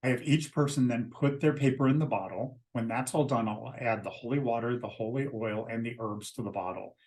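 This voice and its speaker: A man with a voice of ordinary pitch, walking listeners through a ritual one step at a time. His delivery is steady and methodical. He sounds like a leader preparing a group for a ceremony. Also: fairly quick. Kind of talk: explaining a ritual walkthrough.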